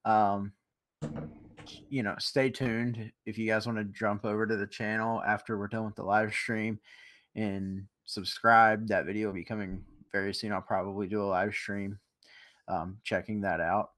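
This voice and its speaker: A man's voice: fairly low pitch, little pitch movement, moderate pace, fairly bright tone. A young man co-hosting a casual live stream chat, speaking hesitantly with frequent restarts. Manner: hesitant, many fillers and restarts.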